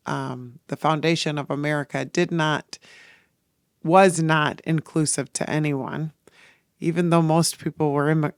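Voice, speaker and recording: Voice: medium pitch, dry recording, clean studio sound. A podcast host speaking in a personal, reflective monologue, earnest and emotional, rambling through thoughts with restarts.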